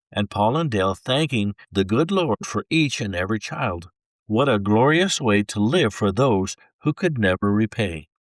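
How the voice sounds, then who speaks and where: A man with a fairly low voice reads a book chapter aloud, letting his pitch rise and fall in a lively, expressive way. The recording is dry and close, with no room sound around him. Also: no room sound. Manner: expressive, unhurried storytelling read. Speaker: book reader.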